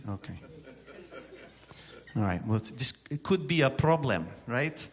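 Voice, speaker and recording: A man's voice: medium pitch, very animated, a little slow. A man from Syracuse, New York, presenting a songwriting workshop at a conference, joking and bantering with the audience. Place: conference hall with a live audience. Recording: long reverb from a hall.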